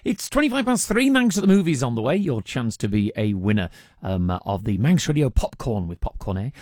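Male radio presenter, chatty and rambling, animated pitch, dry close studio sound. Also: a little fast, dry recording. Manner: chatty, lots of ums and uhs, reads out listener texts. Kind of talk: casual radio chat. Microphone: studio microphone.

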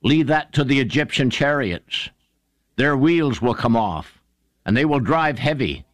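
A man preaching a sermon and retelling Bible stories with fervour, rising sharply in pitch to stress points and calling his listeners friends. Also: lively intonation, a little slow, no room sound. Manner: fervent storytelling preacher, swings pitch up for emphasis.

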